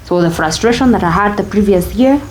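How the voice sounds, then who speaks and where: A woman's voice: mid-range voice, lively intonation, brisk, a little mellow, a little hiss or hum. A young woman with a Kenyan accent, telling her own story as an interview guest, candid and reflective, slipping Swahili phrases into her English.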